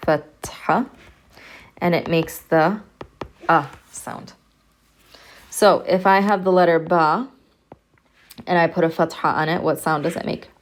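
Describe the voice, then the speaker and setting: A woman's voice: on the low side, steady tone, measured pace, pauses often. A woman professor giving a recorded lecture, patiently repeating sounds for her students to hear. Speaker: Arabic language professor.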